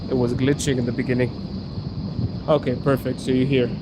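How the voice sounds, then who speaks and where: A man's voice: medium pitch, level tone, fairly quick. A man hosting a casual live stream while walking through a metro station, chatting directly to his viewers and recording on a handheld phone. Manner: chatty, talks straight to viewers. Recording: loud background noise from the metro. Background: metro and street noise.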